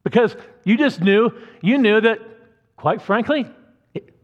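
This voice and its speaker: A man's voice: high voice, lively intonation, measured pace. Earnest male pastor in an echoey church. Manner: conversational, earnest, frequent restarts and asides. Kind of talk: sermon. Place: church sanctuary. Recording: muffled church hall reverb.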